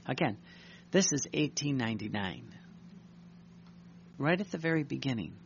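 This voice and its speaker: A man's voice: mid-range voice, animated, normal speed, vocal fry, slight background noise. A man, a priest, preaching an earnest, reflective sermon and often restarting his sentences. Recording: dull lo-fi recording.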